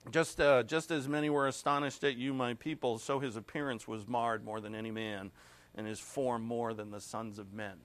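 A man preaching an expository sermon, reading scripture aloud with rising emphasis and growing emotional at times. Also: medium pitch. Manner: emotional, clears throat and pauses. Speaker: pastor.

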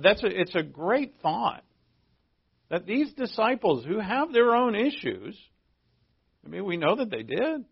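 A man delivers a sermon in a relaxed, conversational way, reading passages aloud and pushing up into emphatic bursts. His voice sits a little high and carries a gravelly edge. The recording sounds dull and lo-fi. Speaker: pastor.

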